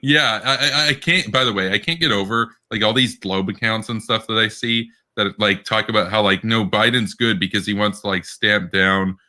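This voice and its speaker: A man's voice: on the low side, moderate pace, hardly any pauses, sharp tone. A man co-hosting a casual political podcast, rambling with many restarts and bursts of laughter. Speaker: podcast co-host.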